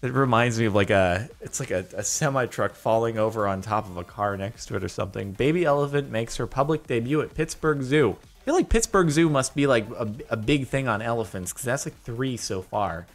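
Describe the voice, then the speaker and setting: A man in a casual video reaction, rambling from one joke to the next. He talks in an everyday, mid-pitched voice with animated asides. Faint music plays under him. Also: brisk, few pauses. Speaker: vlogger.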